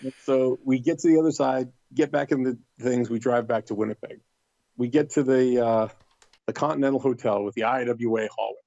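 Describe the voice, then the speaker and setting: A middle-aged podcast guest speaks a little fast in a creaky, medium-pitched voice while casually telling a story. He gets animated, acting out the other people's lines in livelier voices. His recording is dry and muffled.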